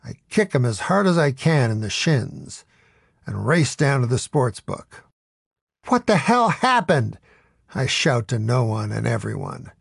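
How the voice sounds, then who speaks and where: A man reads a first-person audiobook story in a wry, storytelling way. His delivery is slow and gravelly. The recording is close and very dry. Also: mid-range voice, lively intonation, no echo. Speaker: narrator.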